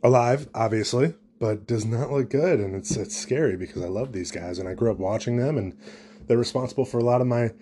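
Rambling, jokey young man with a mellow voice. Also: medium pitch, brisk, a little hiss or hum. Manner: jokey, rambling, self-deprecating. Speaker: podcast host. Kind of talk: solo comedic podcast rambling.

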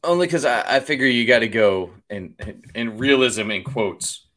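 A man co-hosting a casual geek news podcast, giving opinions and quick quips. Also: mid-range voice, a bit bright. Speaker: podcast co-host.

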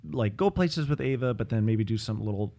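A man's voice: fairly low pitch, lively intonation, fast talker, mellow. Upbeat rambling man on a podcast. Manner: rambling, upbeat, lots of fillers and restarts. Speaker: pastor and podcast host. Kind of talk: casual chat.

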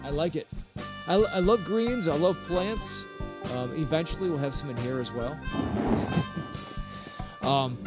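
A man hosting a casual podcast, relaxed and easygoing, often laughing as he chats. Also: fairly high pitch, unhurried, long pauses, over music. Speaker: podcast host.

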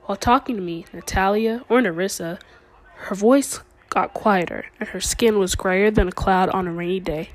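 A young woman reading her own first-person short story aloud with a quiet, slowed, dramatic delivery. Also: mid-range voice, poor audio.

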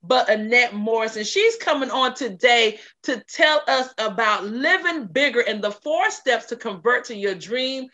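A woman's voice: fairly high pitch, animated, unhurried, hardly any pauses, sharp tone. A woman hosting a podcast interview in a casual, hype, effusive way, using Southern slang. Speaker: podcast host.

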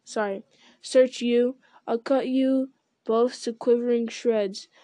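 A sly male goblin soldier, put on by a woman reading aloud, talks in a soft, hissing whisper that turns threats into silky, gloating questions. The voice sits a little high and mellow, and the recording is close and dry. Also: steady tone, slow pace, dry recording. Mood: snarling. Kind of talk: audiobook character voice.

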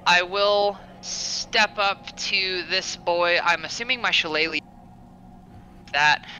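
A man's voice: high-pitched, takes it slowly, sharp tone, a little hiss or hum, rough recording. A man chatting casually and swearing as a player in a tabletop game. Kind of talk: casual play chat.

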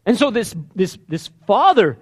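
A man's voice: high voice, very animated, unhurried. A man preaching a sermon, telling a story with energy and acting out the characters' voices. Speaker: pastor.

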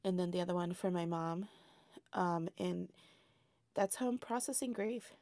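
A woman's voice: lowish voice, moderate pace, darkish tone, no room sound, clean studio sound. A woman who performs burlesque, talking reflectively in a casual interview, laughing often and using many fillers. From immigrant to the United States.

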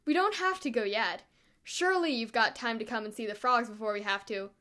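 A woman voicing an eager, friendly young boy, storybook reading, higher voice. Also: brisk, sharp tone.

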